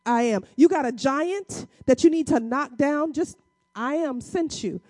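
A woman delivering a sermon with a warm, mellow voice pitched a little high. She preaches conversationally and emphatically, slipping into casual acted-out dialogue and landing points with dramatic pauses. The sound is close and dry. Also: no room sound. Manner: acts out biblical dialogue in casual speech.

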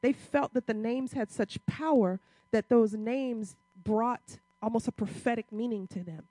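High-pitched lady preaching hard, lots of questions, casual church talk, dry mic. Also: unhurried, dry recording. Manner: impassioned, rising to loud emphatic peaks; uses casual church vernacular, rhetorical questions. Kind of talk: sermon.

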